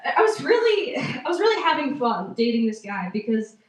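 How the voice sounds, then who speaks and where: At a live comedy open mic, a woman from a small Massachusetts town performs stand-up in a slightly high, very animated voice at normal speed. She's chatty and self-mocking, often laughing at her own jokes. The mic is distant, picking her up from afar in a roomy venue.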